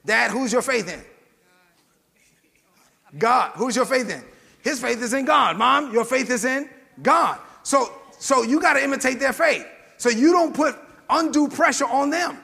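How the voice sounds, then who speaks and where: A man with a very high, gravelly voice delivers a sermon that keeps rising to shouts. His tone is bright and husky, and his words echo through a hall with a long reverb. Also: lively intonation, measured pace. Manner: call-and-response preaching, often rising to shouts. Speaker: preacher.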